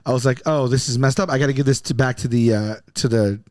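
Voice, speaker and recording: A man telling a long comic story on a podcast, rambling and animated, often stumbling over his words. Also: medium pitch, fast talker, no room sound, studio quality. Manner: rambling, animated, self-interrupting.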